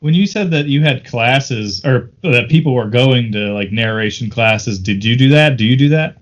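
A man co-hosting a podcast who asks questions in a halting way, with fillers. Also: mid-range voice, highs cut off. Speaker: podcast co-host. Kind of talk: casual podcast chat.

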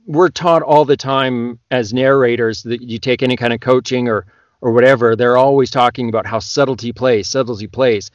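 A man with a Canadian accent, an audiobook narrator on a podcast, talks loudly and gets excited. His voice is close and dry, with no room sound. He sits at a middle pitch. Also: normal speed, dry recording, lo-fi sound. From Western Canada. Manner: loud, excitable talker. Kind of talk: casual podcast chat.

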